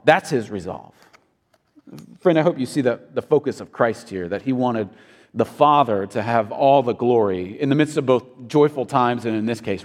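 Male pastor, mid-range voice, earnest sermon delivery with emphatic swells; recorded in an echoing sanctuary. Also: mid-range voice. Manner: earnest, rising to emphatic peaks.

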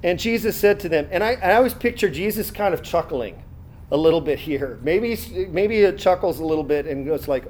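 A man with a high-pitched voice delivers a relaxed, conversational sermon. He reads scripture aloud and stops to comment on it, filling his speech with "uh" and frequent restarts. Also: fairly quick, a little hiss or hum. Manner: conversational preaching with many fillers and restarts. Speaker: pastor.

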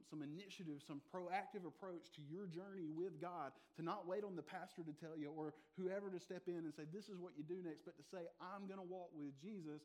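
A man delivers a sermon in a relaxed, talking-with-you manner, with jokes and asides to the congregation. His voice sits a little on the high side. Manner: conversational preaching with asides and humor. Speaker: pastor.

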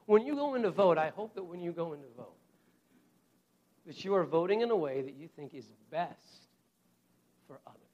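A man preaching a sermon in an earnest, conversational way, speaking straight to his congregation and slowly repeating his key phrases for emphasis. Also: a little high, lively intonation, dark tone, dull audio. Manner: conversational, addresses the congregation directly.

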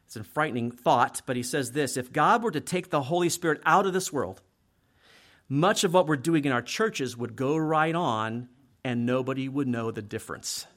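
A man's voice: mid-range voice, animated, moderate pace, a bit bright. A middle-aged man preaching a sermon as a pastor, talking conversationally and often checking in with "right?". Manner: conversational, frequent "right?" tag questions.

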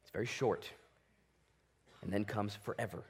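A man preaching a sermon from a church stage with animated, exclamatory delivery that swings between loud bursts and quieter asides. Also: a little fast. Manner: hushed, low prayer voice. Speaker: pastor.

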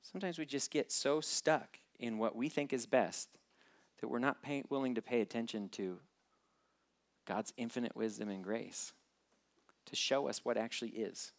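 A man's voice: medium pitch, moderate pace. Man preaching a conversational sermon. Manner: conversational, questioning the listeners directly.

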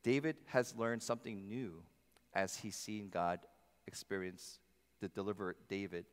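A male pastor preaching a sermon in a church, emphatic, swinging between loud passages and soft ones. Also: on the low side, measured pace, clear, resonant tone. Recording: long reverb of a large hall.

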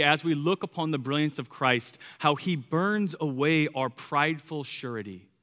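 Bright-voiced pastor preaching in a hall. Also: male voice, mid-range voice. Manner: conversational storytelling preacher. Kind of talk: sermon.

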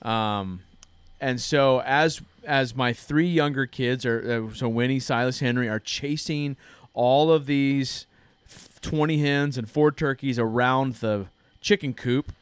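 A man's voice: mid-range voice, slow pace, hardly any pauses, clean tone, no echo. A man in his thirties hosting a church podcast, telling a story in a casual, earnest way. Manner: earnest storytelling, frequent restarts. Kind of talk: casual chat.

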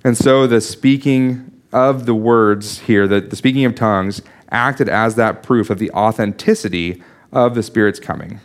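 A man's voice: lowish voice, unhurried. Man preaching an earnest Bible sermon. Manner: earnest, teaching, with restarts and asides. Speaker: pastor.

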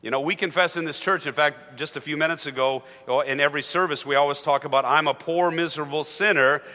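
A pastor preaching a sermon with dynamic delivery, booming on key words and dropping to a hush at the ends of phrases. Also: male voice, steady tone, quick pace, long reverb tail. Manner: dynamic, swinging from loud emphasis to hushed endings. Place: church sanctuary.

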